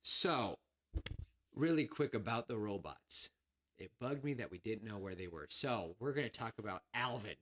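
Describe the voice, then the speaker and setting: A man co-hosting a podcast, rambling and excitable as he acts out scenes in casual chat. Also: lowish voice, normal speed, slight background noise. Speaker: podcast co-host.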